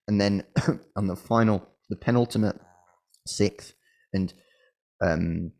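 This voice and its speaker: A man's voice: fairly low pitch, slow pace, darkish tone. A middle-aged man, a medical school admissions coach, giving casual advice with frequent restarts and an occasional cough. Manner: conversational, hesitant with restarts and fillers. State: coughing, slightly unwell.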